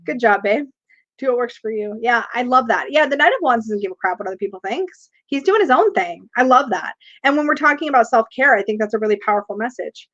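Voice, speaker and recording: A woman's voice: on the high side, animated, quick pace, fairly bright tone. A woman hosting a casual tarot livestream, chatty, reading viewer comments aloud and laughing often. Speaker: tarot reader and livestream host. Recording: dull lo-fi livestream audio.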